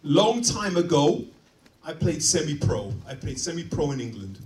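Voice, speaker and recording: A man preaching a sermon, dynamic, swinging from quiet asides to loud emphatic points. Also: on the high side, big pitch swings, normal speed, recorded from a distance. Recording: roomy, from off-mic.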